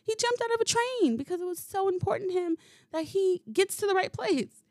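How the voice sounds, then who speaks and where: A woman hosting a solo podcast, telling stories in a casual, animated way, swearing freely and laughing as she goes. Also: very high-pitched, brisk, no echo, studio quality. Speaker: podcast host. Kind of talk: casual solo storytelling monologue.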